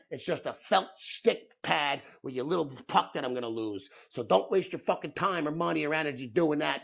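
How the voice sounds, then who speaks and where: Male podcast host, thirties, gravelly, fairly high voice, profane comedic rant. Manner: profane, animated storytelling.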